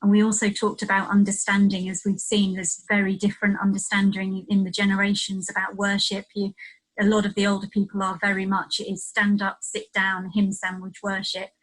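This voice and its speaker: A woman from a church group sharing measured thoughts in a video call discussion. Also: mid-range voice, monotone, poor audio. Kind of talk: casual chat.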